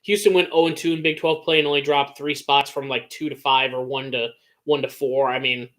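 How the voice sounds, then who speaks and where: A young man with an American Midwest accent co-hosting a casual sports podcast, talking excitedly and rambling with lots of restarts. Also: medium pitch, brisk. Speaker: podcast co-host.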